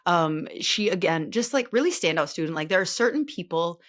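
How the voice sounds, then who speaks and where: A woman's voice: on the low side, lively intonation, brisk, fairly bright tone. A woman in her late thirties hosting a podcast, talking in a rambling, chatty way full of filler words. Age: late 30s. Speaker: podcast host. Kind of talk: casual chatty monologue.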